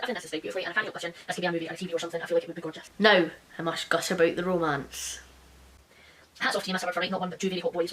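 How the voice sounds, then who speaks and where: A woman book reviewer in a casual vlog, blunt, sarcastic and sweary, who reads quoted reviews out fast and quietly. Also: on the low side, slight background noise.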